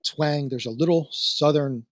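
A man's voice: fairly high pitch, a little slow, no echo, clean studio sound. A man from near Trenton with a Philadelphia-area accent, hosting a casual interview and rambling through fillers and restarts. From New Jersey, near Trenton. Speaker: podcast host.

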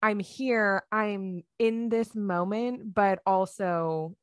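A woman's voice: medium pitch, fairly even intonation, drawn-out words, no room sound. Chatty woman, dry close sound. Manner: chatty storyteller, many fillers, acts out quotes. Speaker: podcast co-host. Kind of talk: casual chat.

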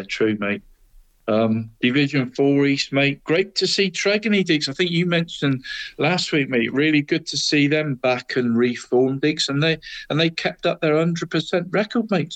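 A man going through local football results in casual podcast chat, tacking "mate" onto nearly every phrase. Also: a little high. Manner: chatty, says "mate" after almost every phrase.

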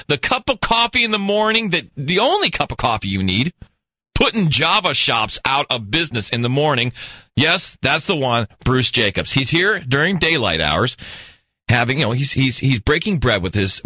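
A man's voice: mid-range voice, big pitch swings, normal speed, sharp tone, no echo. A male radio host telling a rambling, jokey story on air into a studio mic. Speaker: radio talk show host. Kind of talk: talk radio monologue.

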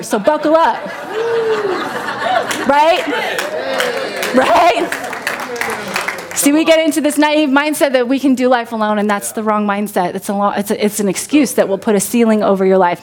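A woman preaching a sermon in a lively way, often asking her congregation questions and laughing. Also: mid-range voice.

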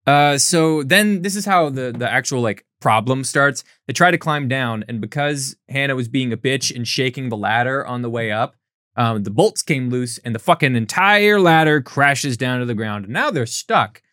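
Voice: mid-range voice, animated, normal speed, a bit bright, no room sound, clean studio sound. A podcast host recapping a bad movie in casual chat, sarcastic and profane, telling the story with energy.

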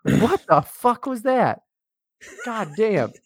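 A man's voice: high voice, sing-song, slow, dry recording, clean studio sound. Profane teasing male podcast co-host. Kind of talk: casual podcast banter.

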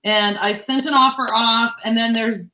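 Bright high-voiced woman telling a story. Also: moderate pace, roomy sound, poor audio. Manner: animated, profane, acts out quotes with voice swings. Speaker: real estate agent. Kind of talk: casual storytelling in a group chat.

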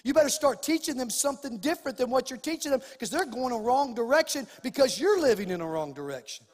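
A middle-aged man preaching a sermon as pastor, acting out lively bits of dialogue as he goes. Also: extremely high pitch, fast, long reverb tail. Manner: preaching with acted-out dialogue and rising emphasis.

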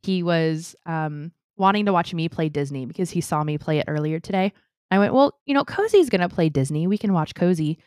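A young adult woman co-hosting a casual podcast, chatty and animated, telling stories with quoted voices. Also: fairly low pitch, a little fast, no echo, studio quality. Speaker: podcast co-host. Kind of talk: casual chat.

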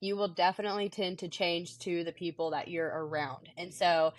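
A woman's voice: lowish voice, steady tone, normal speed. A young woman co-hosting a faith podcast, chatting casually and sweetly with many fillers. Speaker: podcast co-host. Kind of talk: casual chat.

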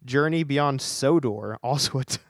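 A man's voice: mid-range voice, normal speed, no echo, studio quality. A man co-hosting a podcast, teasing his partner in casual banter. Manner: teasing, playful. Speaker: podcast co-host.

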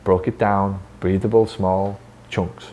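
A man with a deep, warm voice talks slowly in a level tone, with slight background noise. In a physiotherapy clinic room, he gives staff a casual training talk, blunt and swearing freely as he acts out conversations.

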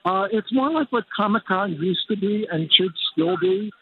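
A man's voice: high voice, lively intonation, normal speed. A man reporting enthusiastically by phone from a busy convention floor. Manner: upbeat, enthusiastic. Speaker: film critic reporting live. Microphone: phone line. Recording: tinny phone line with crowd hum.

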